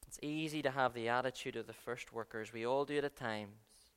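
Preacher with a ringing bright voice. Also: male voice, mid-range voice, brisk, smooth. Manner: earnest, swings between soft and loud. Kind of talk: sermon. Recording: long reverb of a large hall.

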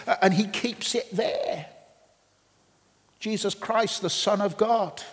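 A middle-aged man preaching a sermon, swinging between loud emphasis and quiet storytelling, often repeating his first words. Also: high voice, slow pace. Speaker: pastor. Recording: reverberant hall.

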